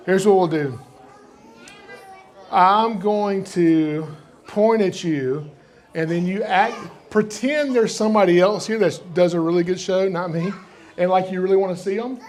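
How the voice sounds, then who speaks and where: A middle-aged Southern man with a high, light voice tells folksy stories to a live crowd at a library reptile show. He jokes easily and keeps the room engaged. His drawl carries through every story. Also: a little slow, slight background noise. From Georgia, USA. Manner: joking, folksy, animated storyteller. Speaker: reptile rescuer giving a library program. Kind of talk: live storytelling talk to an audience.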